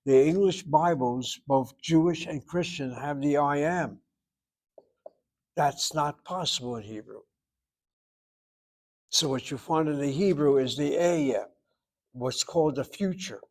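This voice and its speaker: A man teaching a Hebrew class, lecturing emphatically, talking straight to his students and slowing down to stress key words. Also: a little high, darkish tone.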